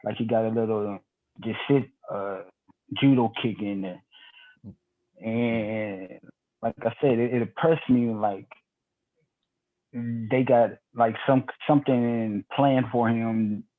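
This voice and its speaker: A man's voice: on the low side, fairly even intonation, takes it slowly, long pauses. A man co-hosting a casual wrestling chat, giving his opinions hesitantly and stammering. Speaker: podcast co-host. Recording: tinny phone-like line.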